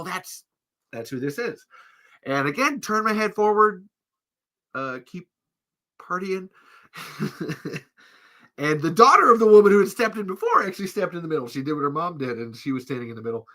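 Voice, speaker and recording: A podcast host, a man with a bright, ringing voice, spins a long casual story. He curses freely and breaks into laughter mid-sentence. He jumps into other people's lines with raised, animated voices. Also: mid-range voice. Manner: animated, profane, acts out quotes in raised voices.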